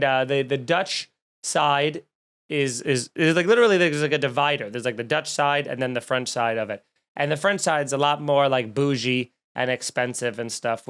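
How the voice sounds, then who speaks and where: A man hosting a comedy podcast, telling stories in a snarky, rambling, animated way. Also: fairly high pitch. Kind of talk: casual comedic rant.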